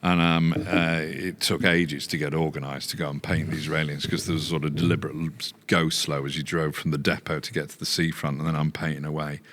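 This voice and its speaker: A man's voice: a bass voice, level tone, brisk, few pauses, fairly bright tone. An English man with a posh English accent telling stories in a casual chat, laughing often and swearing freely. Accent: posh English, not typical Yorkshire. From England. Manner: storytelling with frequent laughter and swearing. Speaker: podcast guest, business founder.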